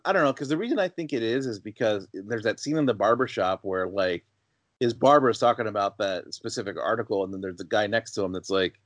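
A low-pitched man talks through movie scenes as a podcast co-host, conversational and analytical. His voice is dry and close, with no room around it. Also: fast, no room sound. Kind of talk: casual film discussion.

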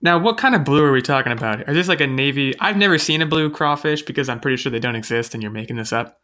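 A man's voice: medium pitch, fast talker, sharp tone. A man hosting a casual podcast chat, chatty and self-mocking, thinking aloud with frequent restarts. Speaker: podcast host.

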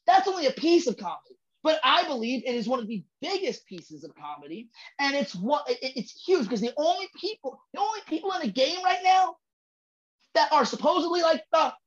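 A male comedian guest on a podcast, talking in a profane, emphatic way, building rhythm and bursting into shouts for emphasis. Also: extremely high pitch, sing-song, normal speed, lo-fi sound. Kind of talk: casual podcast chat.

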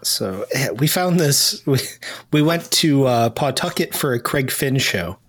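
A man's voice: mid-range voice, animated, measured pace, a bit bright, husky. A man co-hosting a podcast, chatting casually and teasing his guest. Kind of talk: casual chat.

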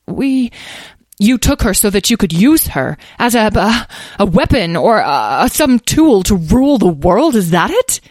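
A woman's voice: low voice, big pitch swings, slow, few pauses, darkish tone, no echo, clean studio sound, heavily acted. A woman voicing a large mother dragon searching for her lost child, intense and demanding.

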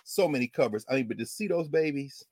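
A man talking in an impassioned casual conversation, swinging from loud outbursts to low murmurs, laughing often and cursing. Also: animated, fast talker. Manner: uses street slang and curses.

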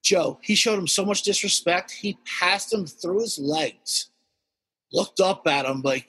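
A man telling a wild story in casual podcast chat, animated and swearing heavily as he acts out the characters. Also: sits high, a little slow, husky, big-room sound. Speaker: guest storyteller.

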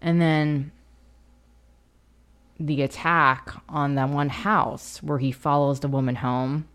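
A woman co-hosting a casual film podcast, talking with eager, halting restarts. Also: sits low, steady tone, a bit bright, clear, resonant tone. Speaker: podcast co-host. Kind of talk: casual chat.

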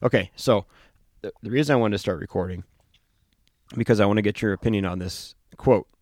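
A man's voice: lowish voice, fairly quick, darkish tone, dry recording, clean studio sound. A man hosting a podcast, chatting casually and telling stories with plenty of fillers and restarts. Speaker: podcast host, firefighter and lieutenant.

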